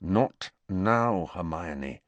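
A man's voice: mid-range voice, huge pitch swings, normal speed, no room sound, lo-fi sound, pitched above the performer's own voice. A man reading the part of a guarded teenage boy who answers curtly and evasively. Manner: curt, evasive.

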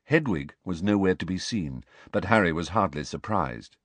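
Expressive male audiobook narrator. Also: sits low, normal speed, no room sound. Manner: expressive storybook reading, voicing each character. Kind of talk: scripted narration.

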